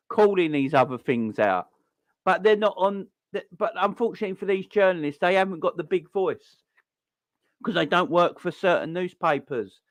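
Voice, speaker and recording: A man's voice: high voice, no echo. A man in his forties from South London, with a South London accent, hosting a football fan channel and delivering an angry, sweary rant with frequent repeats and restarts. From South London, England. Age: 40s. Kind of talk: heated fan rant to camera.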